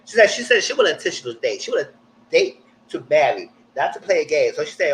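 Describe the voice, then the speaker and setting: Man, live-stream TV recapper, casual and opinionated, a touch high-voiced, with a faint background hiss. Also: fast, rough recording. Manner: animated, jumps high when quoting people; blunt, slangy, opinionated.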